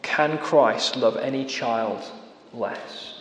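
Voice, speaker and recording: A man preaching a sermon, earnest, slowing down to stress key words and dropping to a quiet voice at the ends of phrases. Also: a little high, lively intonation, slight background noise. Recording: echoey hall with long reverb.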